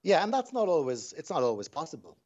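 A man's voice: on the high side, huge pitch swings, fast, darkish tone. Irish man on a dull lo-fi line. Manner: reflective, anecdotal, with frequent restarts. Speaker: dialect coach. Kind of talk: radio interview guest.

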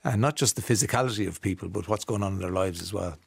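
A middle-aged Irish man hosting a radio show in a relaxed, chatty and amused way, reading out listener messages. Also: low voice, fast talker, gravelly, breathy edge, dry recording, clean studio sound. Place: radio studio.

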